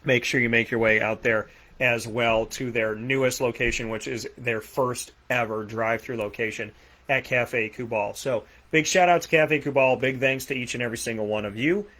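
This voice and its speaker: A man with a Boston accent hosting a sports talk show, rattling off plugs and shout-outs with energy. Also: mid-range voice, fairly even intonation, normal speed. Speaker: host. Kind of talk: energetic radio show sign-off.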